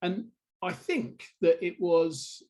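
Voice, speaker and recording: A man's voice: high-pitched, slow pace, darkish tone. A man hosting a business interview show, easygoing and jokey, often restarting his sentences. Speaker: podcast host. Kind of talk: casual interview chat.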